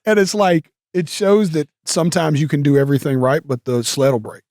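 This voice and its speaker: A man's voice: fairly high pitch, fairly even intonation, a little fast, darkish tone, dry recording, clean studio sound. A male guest telling stories in a casual interview, rambling with many fillers and restarts. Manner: rambling, filler-heavy, with self-corrections.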